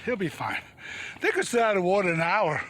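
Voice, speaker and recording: A man with a high-pitched voice gives casual commentary outdoors on a river bank while he fishes. He is chatty and exclaims often, with breathy sighs between his lines. Faint noise sits behind him. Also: very animated, fairly quick, fairly bright tone. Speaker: angler filming his catch.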